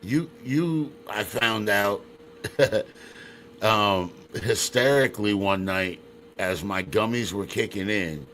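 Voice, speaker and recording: A man's voice: fairly low pitch, slow, fairly bright tone, slight background noise. A man hosting a podcast who keeps the chat loose and slangy, often laughing and swearing. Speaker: podcast host. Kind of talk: casual interview chat.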